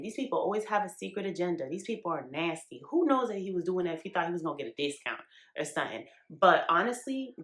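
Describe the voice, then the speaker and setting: Woman podcast host from New York, emphatic, slangy and animated, lower voice, roomy echo. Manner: emphatic and animated, talks straight to the audience with slang. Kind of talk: casual monologue to listeners.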